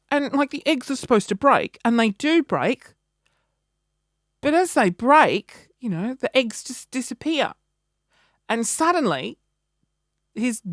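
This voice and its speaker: A woman, telling a story in a casual vlog with animated, wry delivery. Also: high voice, no echo, studio quality. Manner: animated, wry, acts out quoted reactions. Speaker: vlogger.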